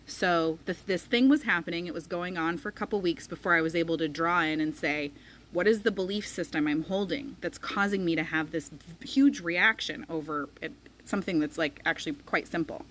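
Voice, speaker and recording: A woman's voice: fairly low pitch, a bit bright, slight background noise, rough recording. A woman in her thirties telling a personal story in a chatty vlog, full of "like" fillers. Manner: chatty, frequent "like" fillers, emotional retelling. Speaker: spiritual coach.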